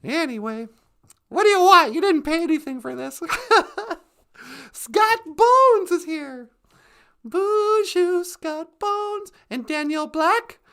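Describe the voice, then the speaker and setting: A woman's voice: extremely high pitch, animated, takes it slowly, fairly bright tone. A woman hosting a casual comedic live stream, playful and giggly.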